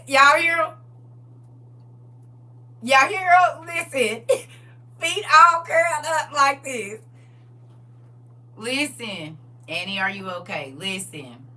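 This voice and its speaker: A woman's voice: high voice, very slow, long pauses, distant mic. A middle-aged woman hosting a live stream, chatting casually and laughing a lot. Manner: animated, laughing, exclaiming. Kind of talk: casual chat.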